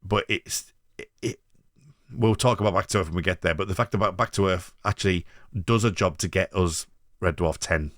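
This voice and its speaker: Brief: male host, deep voice, meandering casual delivery, dry recording. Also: brisk, a bit bright, no echo. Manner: rambling, hedging, restarts mid-thought. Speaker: podcast host. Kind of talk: casual chat.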